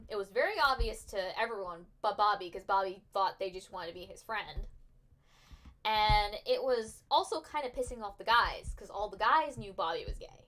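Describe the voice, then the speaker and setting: A woman's voice: medium pitch, a bit bright. A young adult woman casually telling a story while streaming, in a chatty, profane way with frequent restarts. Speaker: artist streaming her work.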